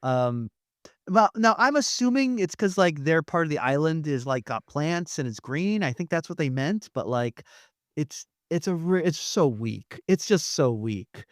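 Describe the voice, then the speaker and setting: A podcast panelist in casual chat, chatty and quick to laugh, hedging with "I think" along the way. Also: medium pitch, expressive, dry recording, studio quality.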